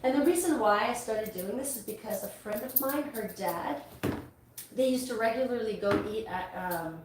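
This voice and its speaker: A woman's voice: fairly high pitch, normal speed. Chatty woman in an echoey salon. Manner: rambling, chatty, full of restarts. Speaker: dog groomer. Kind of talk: casual chat while working. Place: grooming salon. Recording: echoey room, distant mic, faint noise.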